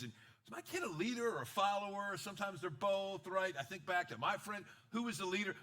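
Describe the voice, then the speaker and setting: Preaching in a high voice, a male pastor brings an animated style to his sermon. He acts out quotes, jokes with the congregation, and shifts from hushed asides to loud outbursts.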